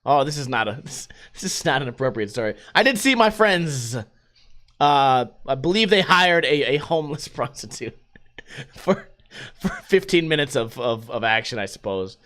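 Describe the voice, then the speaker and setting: This young American man hosts a laid-back solo podcast, swearing often and laughing as he tells stories. His voice is medium in pitch, expressive and slightly bright, at a moderate pace.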